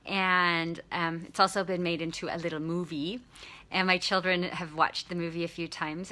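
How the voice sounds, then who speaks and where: A woman hosting a short video, retelling a children's story in an animated, chatty way. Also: fairly low pitch. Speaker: host.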